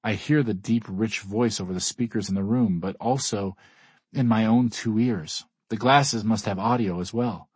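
A man narrating a first-person audiobook in a measured, even manner. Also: fairly low pitch, breathy edge, no room sound.

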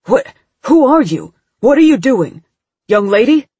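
A woman voicing a gruff middle-aged male airport agent who barks at first and then turns dismissive. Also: low-pitched, sing-song, normal speed, no echo, heavily acted. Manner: barking, suspicious, then gently dismissive.

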